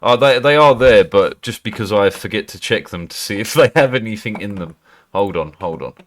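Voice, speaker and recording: A man's voice: lowish voice, animated, normal speed, a bit bright. A man from Britain chatting casually on a live stream, swearing often and laughing. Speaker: livestreamer.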